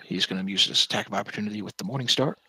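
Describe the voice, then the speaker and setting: A man's voice: on the low side, rapid-fire, bright, forceful tone, breathy edge, dry recording, low-quality recording. A man narrating a tabletop game as game master, hesitant and often correcting himself on the rules, over online voice chat.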